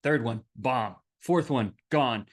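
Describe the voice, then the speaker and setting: A man hosting a business podcast, telling a personal story in a lively, animated way and acting out the voices of the people in it. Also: mid-range voice, slow pace. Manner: animated, acts out quoted voices. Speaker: podcast host.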